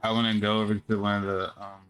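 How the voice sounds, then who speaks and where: Low-voiced man playing a tabletop game. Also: monotone, fast, a bit bright, clear, resonant tone, faint music behind. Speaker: player. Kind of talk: casual chat in a game.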